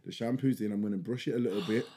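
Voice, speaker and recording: A man's voice: on the low side, very fast. A man co-hosting a casual podcast with his partner, defensively retelling a family argument at length. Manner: defensive, long animated retelling. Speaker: podcast co-host. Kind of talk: casual couple's argument chat.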